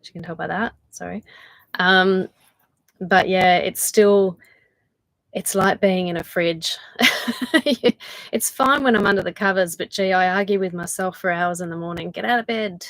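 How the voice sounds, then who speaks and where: A tired woman with an Australian accent, chatting casually with viewers on a livestream, laughing often and trailing off into soft asides. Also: lowish voice, fairly even intonation, normal speed, long pauses, dry recording, poor audio. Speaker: channel host doing a livestream. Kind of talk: casual live chat with viewers.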